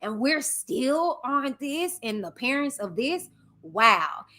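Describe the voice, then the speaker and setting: A woman from Texas with a Southern accent, hosting a livestream and reading viewer comments aloud in a loud, passionate, chatty way. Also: high-pitched, sing-song, slow. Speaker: livestream host reading chat. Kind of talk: casual chat with viewers.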